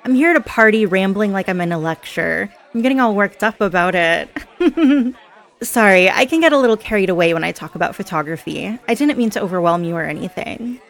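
A woman's voice: mid-range voice, lively intonation, fairly quick, gravelly. A woman playing a chatty, giggly party girl. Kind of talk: scripted audio role-play.

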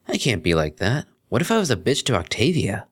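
A man's voice: lowish voice, big pitch swings, a little fast, pitched above the performer's own voice. A man voicing a moody young female unicorn DJ, blunt and sarcastic, in a fan fiction reading.

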